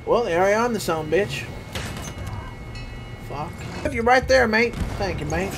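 A man ranting and swearing through online gameplay with friends, breaking into loud angry shouts. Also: sits high, animated, a little slow, music in the background. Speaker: gamer.

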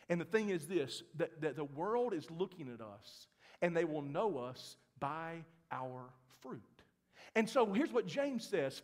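A male pastor, preaching a sermon with animated storytelling that rises into loud, fervent passages. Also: on the high side. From Mississippi. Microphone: handheld or headset microphone, sometimes cutting out. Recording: church hall with long reverb.

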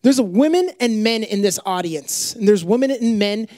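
A young adult man preaching a sermon in an animated, joking storytelling manner. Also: high-pitched, moderate pace, no echo.

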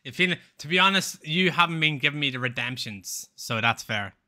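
Bright-voiced man rambling on a stream. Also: a little high, expressive, normal speed. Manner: rambling and swearing, laughs often. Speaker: live streamer. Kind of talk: casual live-stream chat.

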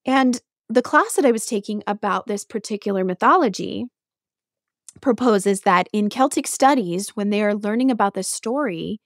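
A woman podcast host retelling a myth in an animated, chatty way, with asides to the listener. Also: medium pitch, dry recording, clean studio sound.

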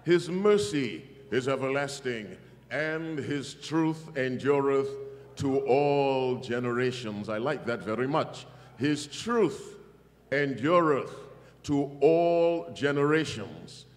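A man's voice: mid-range voice, slow, long reverb tail. A man preaching a revival sermon to a congregation, emphatic and calling for their responses. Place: church hall.

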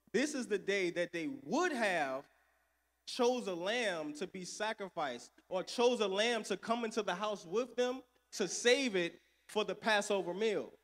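A man preaching a sermon, calling for responses and swinging between loud and soft. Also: high-pitched, expressive, measured pace. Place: church sanctuary. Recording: echoey church hall.

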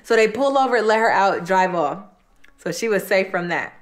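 A woman's voice: medium pitch, lively intonation, moderate pace. A woman hosting an eating show, retelling a true-crime story in a casual, colloquial way with repeated phrases. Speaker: host.

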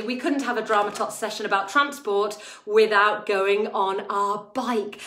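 A woman leading a lively drama class for small children, talking in an animated sing-song way and making playful sound effects. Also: on the high side. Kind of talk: lively lesson for toddlers. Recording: echoey room with backing music.

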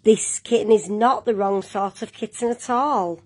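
A woman reading a children's picture book aloud at a slow, careful pace. Her voice is husky and breathy, gentle, and she turns now and then to the young listeners. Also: medium pitch. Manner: gentle, with asides to young viewers. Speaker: storyteller.

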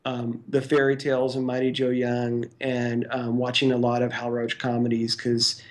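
Guest animator, man, casual and rambling, mid pitch, storytelling. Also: completely flat delivery, normal speed. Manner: rambling, full of "like" and "you know". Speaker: guest stop-motion animator. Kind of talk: casual interview recollection.

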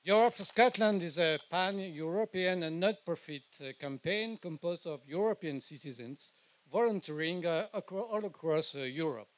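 An older man with a French accent, giving a halting rally speech full of hesitations. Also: high voice. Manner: hesitant, halting with many fillers. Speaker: rally speaker.

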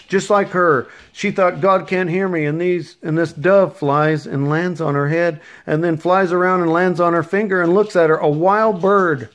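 A man with a slightly high voice preaches to his listeners in an informal, rambling way. He speaks earnestly and wanders off into asides and stories. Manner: storytelling. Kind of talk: informal sermon.

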